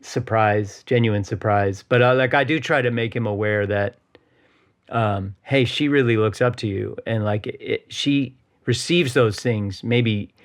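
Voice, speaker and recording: Talking at a measured pace in a fairly low voice, a male podcast co-host rambles through a casual personal conversation. He leans heavily on fillers like "you know" and "right," with little checks for agreement.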